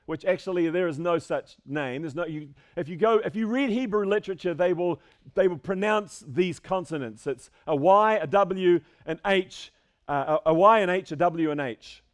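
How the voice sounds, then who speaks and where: A man preaching a sermon to a congregation, animated, swinging between loud calls and quiet asides. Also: high voice, moderate pace. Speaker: pastor.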